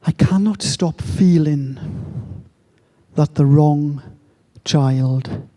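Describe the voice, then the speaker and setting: A middle-aged man tells a story at an unhurried pace, leaving long pauses between phrases. His voice sits a little high for a man, yet it sounds mellow and soft. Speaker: speaker telling a story. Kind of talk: slow, reflective storytelling talk.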